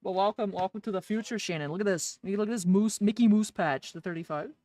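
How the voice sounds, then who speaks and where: A woman's voice: medium pitch, fast, warm tone, dry recording. A woman hosting a card-opening livestream, chatting casually, greeting viewers by name and joking with chat. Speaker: livestream host opening trading card packs.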